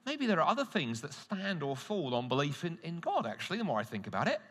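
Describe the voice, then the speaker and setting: A man's voice: fairly high pitch, huge pitch swings, fast talker, a bit bright, in a large hall, voice pushed up, full character voice. A man acting out a thoughtful male colleague who admits he avoided questions of faith. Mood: reflective. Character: thoughtful middle-aged male agnostic colleague.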